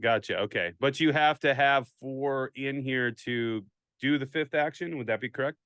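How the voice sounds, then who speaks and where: An easygoing man with a Minnesota accent works through a board game's rules, often restarting his sentences. His voice is smooth and clear. The sound is dry and close, with no room echo. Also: medium pitch, moderate pace, fairly bright tone. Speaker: player learning the game. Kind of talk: casual online game stream.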